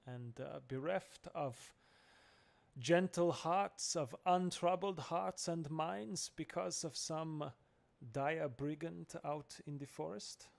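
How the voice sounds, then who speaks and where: A man's voice: on the high side, unhurried, creaky. A man voicing a pompous, vain male adventurer who talks in a flowery, condescending way. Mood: haughty.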